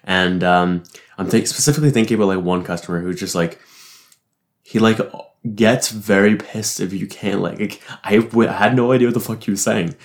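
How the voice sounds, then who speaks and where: A man's voice: fairly low pitch, steady tone, brisk. A young man talking through his week in a casual, rambling way, swearing often, laughing to himself and filling gaps with "like". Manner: profane, rambling, frequent "like" fillers, laughs to himself. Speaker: barista reflecting on his week. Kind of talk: casual solo reflection.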